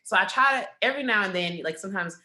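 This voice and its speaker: A woman journalist speaking as an interview guest, outspoken, blunt and expressive. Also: medium pitch, racing. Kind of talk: conversational interview.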